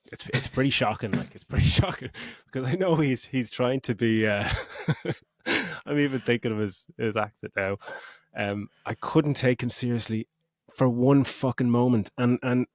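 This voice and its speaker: A man's voice: fairly low pitch, no echo, studio quality. A middle-aged man co-hosting a podcast, chatting casually, swearing and giggling as he rambles. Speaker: podcast co-host. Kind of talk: casual chat.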